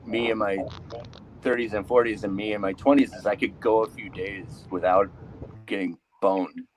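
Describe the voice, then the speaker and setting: A man's voice: on the low side, fairly even intonation, moderate pace, a little hiss or hum, rough recording. A man, doing a rambling live stand-up set, cutting himself off and laughing at his own jokes. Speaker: stand-up comedian.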